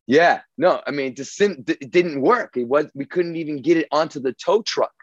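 A man's voice: fairly high pitch, moderate pace, no echo, dull audio. A man casually telling a long story, rambling and swearing, with many restarts. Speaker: guest telling his story.

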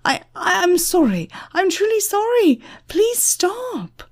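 A woman's voice: very high voice, big pitch swings, extremely slow, fairly bright tone, pitched above the performer's own voice, exaggerated voice. A woman voicing a frightened young man who stammers and pleads in pain. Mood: frightened pleading.

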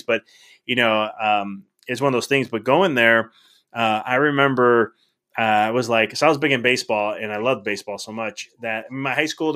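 A middle-aged man as a podcast guest, telling stories in a casual, animated way, acting out the dialogue with frequent restarts. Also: medium pitch. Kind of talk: casual storytelling.

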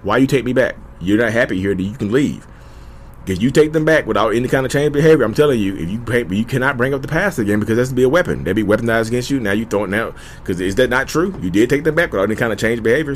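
This YouTube host talks directly to the camera with casual, sincere advice that loops back on itself, addressing viewers as y'all. He has a medium-pitched, expressive voice and speaks in rapid-fire bursts with few pauses, over slight background noise.

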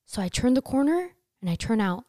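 Young woman telling a story, mellow voice, swears a lot, voice jumps way up when she yells, dry close mic. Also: brisk, no room sound. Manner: animated, swears freely, jumps in pitch on quoted screams. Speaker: podcast host telling a story. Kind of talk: casual storytelling chat.

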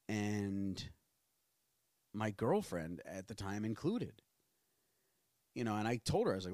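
A man in his thirties from New Orleans tells his own stories in a loose, rambling, profane way. His voice sits low but swings widely in pitch. The sound is dry and close. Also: dry recording. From New Orleans, USA. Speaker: podcast host. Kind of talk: casual personal storytelling.

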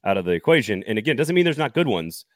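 A man co-hosts a live sports talk show. He jokes, laughs easily and rattles through sponsor reads at an average pitch. His voice sits dry and close to the mic. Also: very animated, dry recording. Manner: jokey, laughs often, fast sponsor patter. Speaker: podcast co-host.

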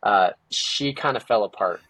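Animated husky-voiced man telling stories. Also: on the low side, moderate pace, no room sound. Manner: animated storyteller, acts out quotes, many "like"s. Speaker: guest, entrepreneur and parent. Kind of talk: casual storytelling interview.

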